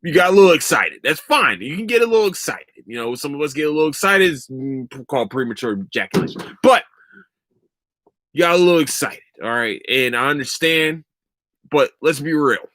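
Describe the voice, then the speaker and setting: A young man on a podcast mic, ranting about sports with heated sarcasm and lots of swearing. His pitch swings widely as he jumps around. The sound is dry and close, with no room in it. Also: sing-song, a little fast, fairly bright tone, dry recording. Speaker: podcast host. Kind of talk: casual sports rant.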